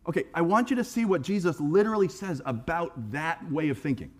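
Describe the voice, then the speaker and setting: A man preaching in a church, talking in a relaxed and lively way and slipping into acted-out voices. His voice sits a little high for a man. He often repeats a word before he gets a phrase going. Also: a little fast, few pauses. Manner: conversational, animated preaching with acted-out quotes; repeats words when starting phrases. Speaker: pastor. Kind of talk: sermon. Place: church sanctuary.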